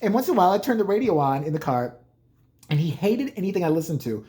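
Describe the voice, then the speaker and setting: Casting: man in his thirties, fairly high voice, swoopy delivery, cursing storyteller. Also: very animated, quick pace, mellow. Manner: rambling, profane, jokey. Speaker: vlogger. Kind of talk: casual storytelling monologue.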